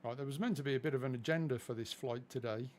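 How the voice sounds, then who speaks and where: A man's voice: medium pitch, fast talker, darkish tone, a little hiss or hum. A man from England chatting casually through a flight simulator live stream, self-deprecating and easily distracted.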